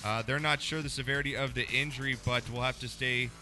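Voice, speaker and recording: Bright-voiced male sports show host. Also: mid-range voice, fairly even intonation, soft background music. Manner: brisk, joking, running the segments. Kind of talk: casual sports chat.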